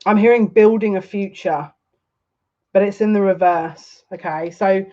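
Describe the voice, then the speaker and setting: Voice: mid-range voice, unhurried, mellow, muffled recording. A psychic tarot reader giving a live reading, chatty and rambling, who laughs often and repeats phrases.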